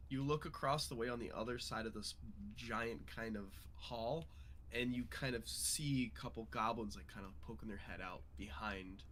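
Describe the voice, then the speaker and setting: A man's voice: medium pitch, moderate pace, a little hiss or hum. A man narrating as dungeon master in a loose, filler-heavy way. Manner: relaxed, loose, many fillers. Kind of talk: narrating a tabletop game.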